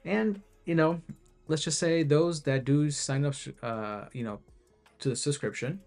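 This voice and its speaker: A man's voice: fairly high pitch, a little slow, darkish tone, soft background music. A man who made an app, talking casually and rambling through a screen-share video, restarting sentences and filling gaps with "you know.". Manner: rambling, self-interrupting, many fillers. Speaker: app creator.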